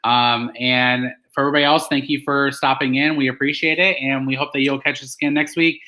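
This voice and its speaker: Male livestream host, encouraging, bright forceful tone. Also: mid-range voice, flat delivery, a little fast, poor audio. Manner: upbeat, encouraging. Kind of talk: live stream interview.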